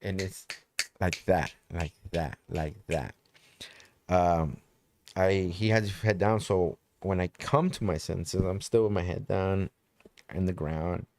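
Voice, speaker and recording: Deep-voiced man telling a story casually. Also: takes it slowly, darkish tone. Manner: loose, profane, repeats phrases for emphasis.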